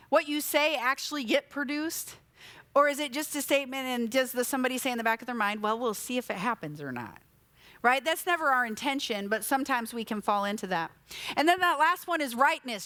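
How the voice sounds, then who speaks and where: High-voiced woman preaching. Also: a bit bright, no echo. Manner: conversational, with rhetorical questions and personal stories. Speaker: pastor. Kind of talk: sermon. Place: church sanctuary.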